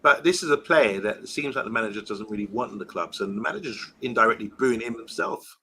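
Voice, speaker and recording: A man's voice: fairly low pitch, expressive, fast talker, sharp tone, slight background noise, low-quality recording. A man hosting a casual fan live stream, reading out viewer comments and chatting. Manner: chatty, reads out viewer comments, laughs easily. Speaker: fan channel host reading live chat.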